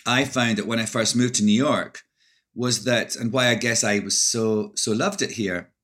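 A Scottish actor and author speaks in an interview with a lowish, steady, slightly bright voice at a normal speed. He comes across as thoughtful, often restarting and hesitating as he talks.

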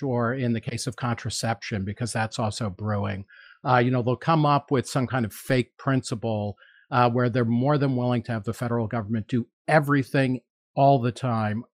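A man in a casual roundtable talk, rambling and opinionated, circling back with lots of "you know" and "uh." His voice sits at an ordinary middle pitch and is recorded close and dry, with no room sound. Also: dry recording. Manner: rambling, many fillers and restarts, opinionated. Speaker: podcast co-host, magazine editor.

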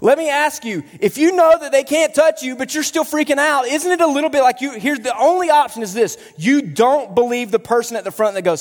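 A man preaching a sermon as pastor, telling stories with playful humor and lively delivery. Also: very high-pitched, fairly quick, hardly any pauses. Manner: animated storytelling with playful humor. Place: church hall. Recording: long hall reverb.

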